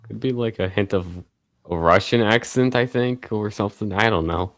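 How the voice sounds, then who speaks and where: A man's voice: on the low side, normal speed, a bit bright, no echo. A young man streaming, chatting casually in a rambling way with lots of fillers and little laughs.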